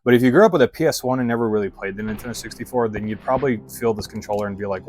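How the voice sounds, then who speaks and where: Racing along over music, a let's play streamer with a fairly low voice rambles through casual gameplay commentary, full of swearing and "like." The recording is low quality.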